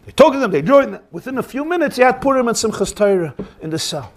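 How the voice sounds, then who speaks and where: High-voiced rabbi telling a story. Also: male voice, fast talker. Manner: animated storyteller, voice rising high in acted quotes, Yiddish phrases. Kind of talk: storytelling sermon.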